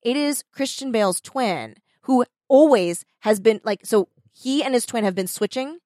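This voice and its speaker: A woman's voice: a little high, normal speed, no room sound. Casual, dry-sounding woman telling a story. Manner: animated storyteller, swears casually, many fillers. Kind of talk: casual chat.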